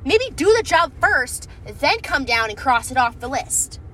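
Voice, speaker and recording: High, lively woman swearing through a story. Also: a little slow, far from the mic, slight background noise. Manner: swears a lot, animated storytelling. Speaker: podcast co-host. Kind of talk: casual chat. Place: inside a parked car.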